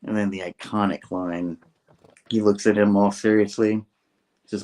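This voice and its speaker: Guy hosting a comic review, retells scenes, does the characters' lines higher. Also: little pitch movement, unhurried, darkish tone. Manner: acts out character lines with raised pitch. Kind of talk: casual chat retelling a comic.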